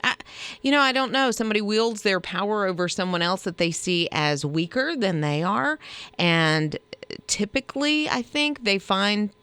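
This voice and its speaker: A woman co-hosting a morning radio show, chatting casually and reacting expressively with laughs and quick asides. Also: mid-range voice, lively intonation, a bit bright, clean tone, no room sound. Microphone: studio microphone.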